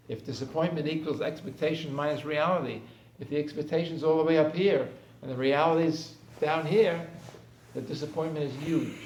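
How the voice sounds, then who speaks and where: A man's voice: on the high side, a little mellow. A man, a therapist, giving a conversational storytelling talk to a group. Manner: anecdotal, conversational, acts out scenes. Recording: roomy room with faint background noise.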